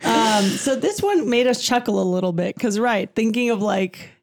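A woman's voice: fairly high pitch, lively intonation, moderate pace, vocal fry, darkish tone. A woman co-hosting a podcast in casual chat, talking chattily with frequent laughs and fillers. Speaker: podcast co-host.

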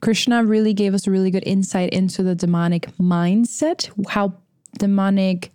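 A woman's voice: medium pitch, steady tone, moderate pace, dark tone, clear, resonant tone, dry recording, clean studio sound. A woman podcast co-host who gives a reflective recap in a casual chat, with plenty of fillers. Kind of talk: casual discussion.

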